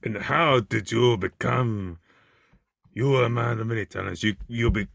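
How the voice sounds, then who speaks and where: A man hosting a comedy podcast, asking questions and making deadpan jokes. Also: medium pitch, normal speed, creaky, no echo. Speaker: podcast host. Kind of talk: casual podcast chat.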